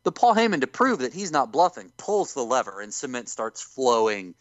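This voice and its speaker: Animated man recapping a story. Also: mid-range voice, normal speed, no echo, dull audio. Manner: animated storyteller who acts out quotes. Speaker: podcast co-host recapping wrestling. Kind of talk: casual chat.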